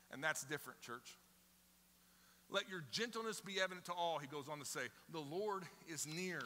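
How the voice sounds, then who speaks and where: A middle-aged man preaching a sermon to his church, conversational and animated, acting out little scenes as he goes. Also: high voice, moderate pace, in a large hall. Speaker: pastor. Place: church sanctuary with congregation.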